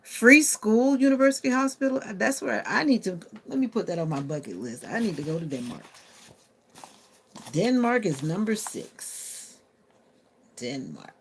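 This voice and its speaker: Chatty woman with a gravelly voice. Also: on the low side, big pitch swings, normal speed, slight background noise. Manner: chatty, answers viewer comments aloud; talks to her phone assistant. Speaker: live streamer. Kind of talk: casual live-stream chat.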